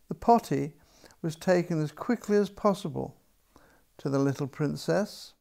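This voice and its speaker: An older man, an author reading his own picture book aloud in a gentle, unhurried storybook manner. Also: on the high side, creaky.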